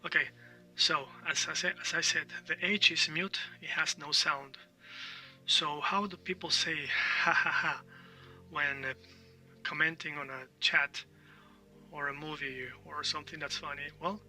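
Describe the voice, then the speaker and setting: Man, language teacher, very bright voice, slightly high pitch, drills words over and over, mic a bit distant, soft music behind. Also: steady tone, moderate pace. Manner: explanatory, repeats words for drill, frequent "all right?". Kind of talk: online language lesson.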